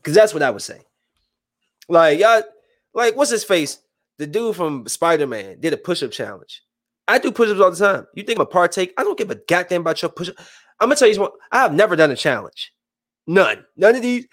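A man in his thirties giving casual, joking live-stream commentary, swinging between loud bursts and hushed asides. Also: high-pitched, big pitch swings, fairly quick. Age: 30s.

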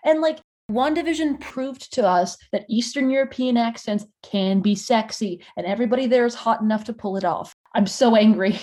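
A woman's voice: on the high side, brisk, hardly any pauses, mellow. A woman in casual fan discussion, explaining lore and ranting with mock indignation.

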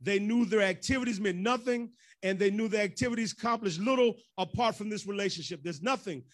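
A man's voice: high-pitched, brisk. A man preaching as pastor in a loose, joking way, slipping into the voices of church folk. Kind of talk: conversational sermon.

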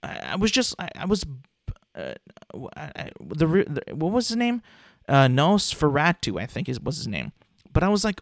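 A man's voice: fairly high pitch, wildly swooping pitch, normal speed, gravelly, no room sound, studio quality. A man in his twenties casually talking through his opinions on cartoon episodes, rambling with frequent restarts and filler words. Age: 20s. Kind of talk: casual commentary on a cartoon ranking.

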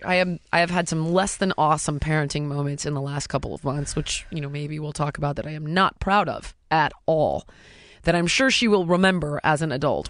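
A woman's voice: fairly low pitch, a bit bright, no room sound, clean studio sound. A woman hosting a podcast, talking frankly and swearing freely as she tells stories from her life as a mother. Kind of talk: candid casual podcast chat. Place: podcast studio.

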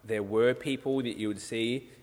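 A man's voice: mid-range voice, fairly even intonation, normal speed, a little mellow, in a large hall. An Australian man co-hosting a gaming podcast, chatting casually in a blunt, joking, opinionated way. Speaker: podcast co-host. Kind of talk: casual chat.

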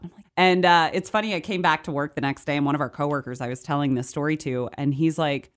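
A young adult woman co-hosting a podcast, telling a story in casual chat with animated delivery. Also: sits low, fast, hardly any pauses. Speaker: podcast co-host.

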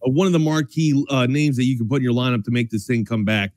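A man co-hosting a sports talk show, loose and excitable, cursing casually. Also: medium pitch, fast, no room sound.

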